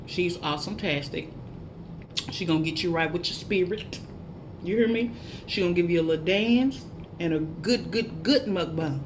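A woman's voice: fairly low pitch, slight background noise. A woman in a casual eating vlog, chatting to viewers between bites and humming as she chews. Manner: laughs at herself, animated shout-outs to viewers. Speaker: mukbang vlogger.

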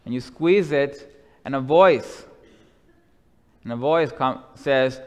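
Slow-preaching man in a reverberant church. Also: medium pitch, clean tone. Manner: slow, deliberate preaching that drops to a soft hush. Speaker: pastor. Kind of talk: sermon. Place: church sanctuary.

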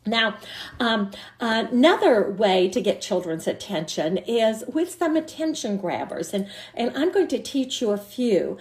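A woman's voice: a little high, expressive, a little slow. An older woman, an early childhood educator, giving an encouraging teacher training talk and breaking into short demonstration songs.

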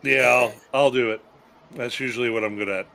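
A man playing a tabletop game, joking around with animated delivery. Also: mid-range voice, a little fast, gravelly. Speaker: player.

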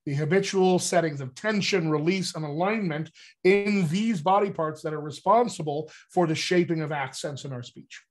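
A man's voice: a little high, moderate pace. A man working as a dialect coach, explaining accent work in a casual, upbeat teaching manner with conversational fillers.

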